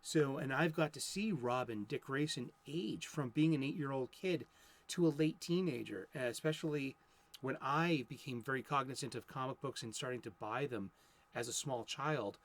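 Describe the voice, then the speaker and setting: A man's voice: mid-range voice, normal speed. A man in his fifties from Boston with a Boston accent, talking about comics in a casual, rambling solo monologue full of restarts. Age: 50s. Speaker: comics vlogger.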